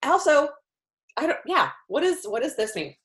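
A woman telling a ranch story in casual chat, animated and laughing often. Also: sits high, moderate pace.

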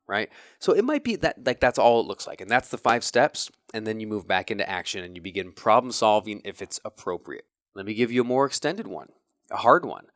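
A man's voice: fairly low pitch, big pitch swings, a little fast, a bit bright, dry recording, studio quality. A man hosting a podcast who talks in an earnest, coaching way, speaking straight to his listeners. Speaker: podcast host. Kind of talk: motivational podcast talk.

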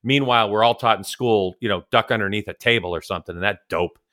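This racing podcast co-host, a Californian man, talks fast in a lowish, slightly bright voice over a remote call. He's a rambling, teasing storyteller, drawing out long tales in casual conversation.

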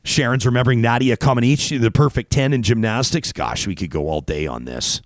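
A man's voice: mid-range voice, animated, fairly quick, dry recording, clean studio sound. A man hosting a radio talk show, chatting casually and rambling, often laughing as he reads out listener comments. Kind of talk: casual call-in radio chat.

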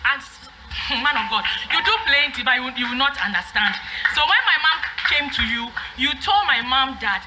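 A woman's voice: high-pitched, lively intonation, moderate pace, noisy background. A young woman with a Ghanaian English accent, giving a chatty, laughing testimony in church.

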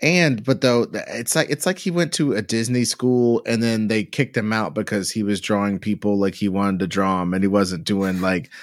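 A man co-hosting a podcast in a relaxed, slangy way, chatting about comic art and drawing some words out. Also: lowish voice, normal speed, hardly any pauses, no echo, clean studio sound. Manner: laid-back, slangy, drawls some words. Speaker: podcast co-host.

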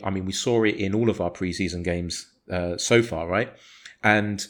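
A man argues his case on a casual football podcast. He talks with heat and conviction, swears freely, and keeps pushing his point. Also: sits low. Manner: passionate, argumentative, swears freely. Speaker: podcast co-host.

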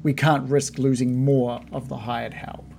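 Guy doing some unseen dude barking orders, quick and clipped, faint hiss behind. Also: mid-range voice, flat delivery, vocal fry, a little mellow. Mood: urgent. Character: unseen man giving orders about hired help.

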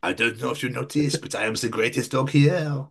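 A man's voice: mid-range voice, brisk, vocal fry, a bit bright, husky. A man co-hosting a podcast, joking in a rambling, sweary, silly way. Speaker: podcast co-host. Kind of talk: casual comedic chat.

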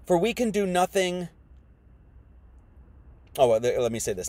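Male preacher with a higher voice and a dry sound. Moves between quiet scripture reading and loud, emphatic, slangy preaching. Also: very animated, takes it slowly, long pauses, no room sound. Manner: reads scripture aloud, then explains it in casual slang. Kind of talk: sermon.

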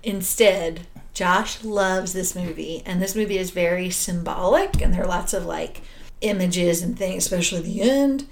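A woman co-hosting a podcast, talking in a low, gravelly register. She chats casually and muses over her thoughts slowly and deliberately. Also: reverberant. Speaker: podcast co-host. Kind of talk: casual chat.

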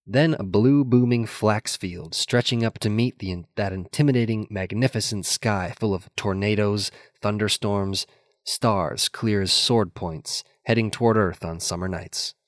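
Low, reflective older man reading. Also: no room sound, studio quality. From Minnesota, USA. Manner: measured, reflective, wry. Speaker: reader of a personal essay. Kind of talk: reading a memoir essay aloud.

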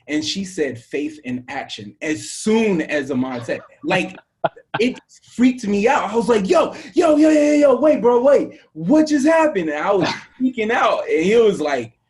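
A young man from the American South, a musician, telling his story in an interview with lively acted-out dialogue and frequent laughs. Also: on the high side. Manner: animated storyteller, acts out quoted dialogue, laughs often. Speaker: musician guest.

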